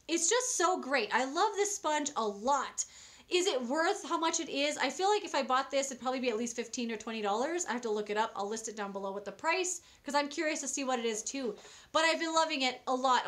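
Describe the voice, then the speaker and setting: A woman's voice: sits high, fairly quick, fairly bright tone. A young woman talking casually and enthusiastically as a beauty vlogger, reviewing products with many fillers and restarts.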